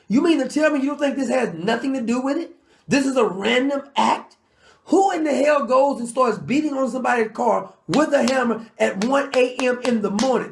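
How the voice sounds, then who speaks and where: A man delivering an angry, sarcastic commentary monologue, combative and at times shouting. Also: extremely high pitch, reverberant. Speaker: political commentator.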